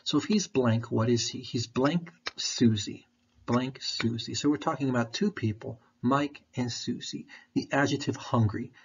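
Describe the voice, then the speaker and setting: A male English teacher talks through a lesson in a patient, repeating way, sucking on a throat candy as he speaks. His voice is husky. The recording sounds dull and lo-fi. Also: medium pitch. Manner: patient, repeats questions and explains slowly.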